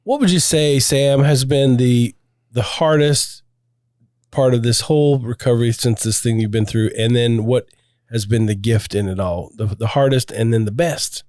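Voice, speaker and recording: A man's voice: mid-range voice, normal speed, a little mellow, dry recording. Male co-host, earnest questioner, dry sound. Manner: earnest, asks follow-ups. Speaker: podcast co-host. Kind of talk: casual interview questions.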